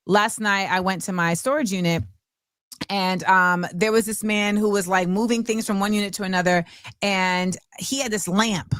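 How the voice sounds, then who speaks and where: A woman's voice: medium pitch, moderate pace, no room sound, clean studio sound. A woman hosting a casual talk show, telling stories with acted-out quotes. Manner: animated storyteller, acts out quotes. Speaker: host. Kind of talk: casual chat.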